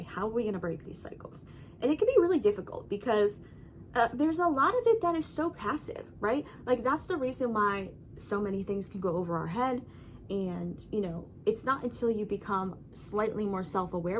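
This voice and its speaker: A woman's voice: on the high side, a little hiss or hum. A woman talking to her camera at home in a casual, rambling monologue. She is emphatic and keeps checking in with "right?" and "you know". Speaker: vlogger.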